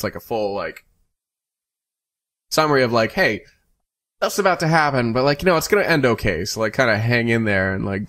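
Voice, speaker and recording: A man's voice: medium pitch, a bit bright, no echo, studio quality. A young man reading a novel aloud, then recapping it in loose, casual talk full of fillers. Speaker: book reader and summarizer. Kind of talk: casual read-aloud with chatty summary.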